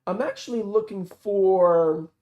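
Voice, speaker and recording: Man playing female FBI agent, guarded, dry wit, raised pitch, storybook read-aloud. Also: dark tone, highs cut off. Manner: dry, quick comebacks. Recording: roomy echo.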